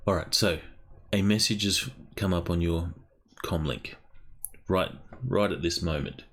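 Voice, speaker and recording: A man running a tabletop game as game master, talking haltingly with frequent ums. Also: low-pitched, a bit bright. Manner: halting, pauses with ums while narrating.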